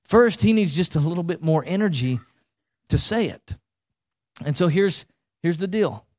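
A man preaching with a drawl and a slightly raised pitch. He speaks conversationally, often repeating himself and checking in with the congregation. His delivery is animated, like a pastor in full swing. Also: moderate pace. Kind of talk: sermon.

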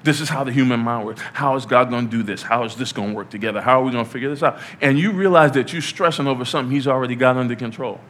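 A man's voice: mid-range voice, very fast, few pauses, fairly bright tone. Casual, playful male preacher. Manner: conversational and playful, rising to emphatic peaks. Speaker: pastor. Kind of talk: informal sermon. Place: church.

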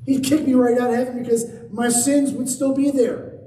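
High-voiced preacher in a roomy hall. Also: male voice, normal speed. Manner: animated preaching, dropping to hushed low tones for emphasis. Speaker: pastor. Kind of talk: sermon. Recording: roomy, distant mic with faint ambience.

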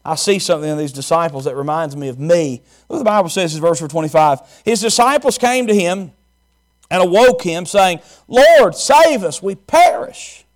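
Preacher, male, somewhat high voice; emphatic sermon delivery, repeats key words. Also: a little fast.

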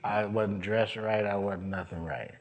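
Low-voiced man preaching a testimony. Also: fairly even intonation, unhurried. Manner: storytelling, acts out voices, rising to shouts. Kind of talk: sermon testimony.

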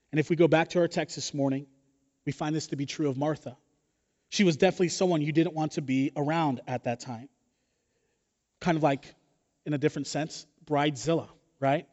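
A male pastor preaches his sermon with a lively, joking storytelling manner. His voice sits a little high. The sound is dull and carries a long reverb from the hall. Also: normal speed, pauses often.

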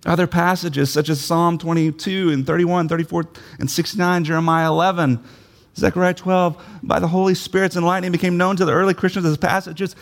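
A man's voice: sits high, little pitch movement, brisk. A man preaching a sermon, emphatic, repeating key phrases and putting questions to his listeners.

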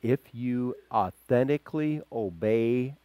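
A man preaching a verse-by-verse sermon, acting out the quoted voices and swinging between loud emphasis and quiet asides. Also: mid-range voice, expressive, takes it slowly, clear, resonant tone, dry recording. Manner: acts out quoted voices, chuckles. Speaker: pastor. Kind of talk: expository sermon.

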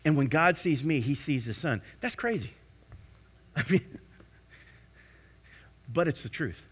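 A male pastor preaching a sermon with strong conviction, swinging between hushed, slow phrases and loud, rising declarations. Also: fairly high pitch, expressive, breathy edge.

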